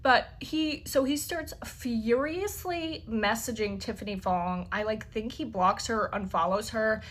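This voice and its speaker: A woman's voice: on the high side, unhurried, fairly bright tone. A woman telling a personal story casually, full of "like" fillers and freely swearing. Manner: chatty, heavy use of "like" fillers, swears freely. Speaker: interview guest.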